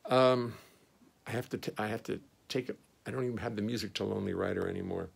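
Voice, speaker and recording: Gravelly-voiced man musing on a phone stream. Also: steady tone, quick pace. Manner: musing, easygoing, talks to himself. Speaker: musician hosting a livestream. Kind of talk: casual rambling chat between songs. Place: home music studio. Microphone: phone on a stand. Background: his own double bass playing.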